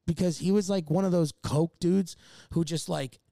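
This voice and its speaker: A man's voice: on the high side, steady tone, normal speed, vocal fry, dark tone, no echo, studio quality. A man telling a long, rambling story as a podcast guest, swearing often and laughing mid-sentence. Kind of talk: casual storytelling chat.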